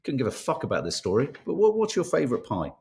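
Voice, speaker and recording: Chatty man with a lively voice. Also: mid-range voice, quick pace, creaky. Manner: chatty, irreverent, swears casually. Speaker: host. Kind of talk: casual chat reading the papers and live comments.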